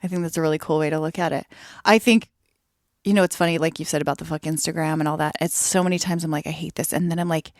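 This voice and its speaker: A woman speaking candidly as a podcast guest, animated and acting out her own inner voices. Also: low-pitched, quick pace, no echo, clean studio sound. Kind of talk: candid conversational interview.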